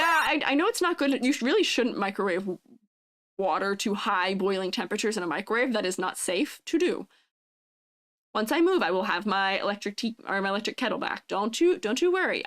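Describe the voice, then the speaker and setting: Give me a bubbly young woman streamer chatting with her chat, giggling often, with a lively, bouncing voice. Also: medium pitch, brisk. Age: 20s. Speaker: vtuber streamer. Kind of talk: casual live-stream chat.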